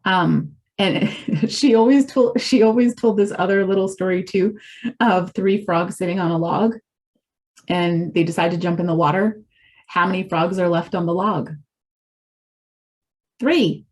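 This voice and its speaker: A woman's voice: fairly low pitch, steady tone, measured pace, long pauses. A middle-aged woman giving a candid, rambling personal testimony as a speaker for a recovery community. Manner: earnest, confessional, rambling.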